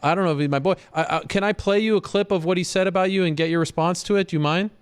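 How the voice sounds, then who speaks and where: A man's voice: high voice, racing, clean tone, no echo. Polite interviewer man, dry sound. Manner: polite, direct questioning. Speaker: interviewer and show host. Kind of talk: interview questions.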